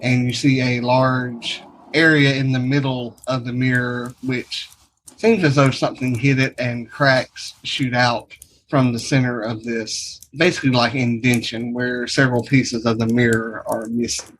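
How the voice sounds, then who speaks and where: A man narrating a tabletop game as dungeon master, setting each scene in slow, descriptive detail. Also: mid-range voice, little pitch movement, a bit bright, a little hiss or hum, low-quality recording.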